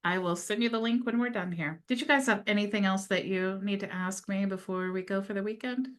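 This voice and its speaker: A woman hosting a casual group video call, telling stories in a lively, quick way. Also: medium pitch. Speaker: host of a group coaching call.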